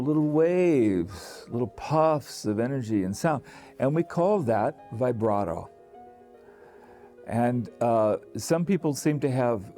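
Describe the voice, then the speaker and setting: Man explaining singing technique. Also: medium pitch. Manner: relaxed, thinking aloud with restarts and sung demonstrations. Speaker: singing teacher. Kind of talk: explaining to camera.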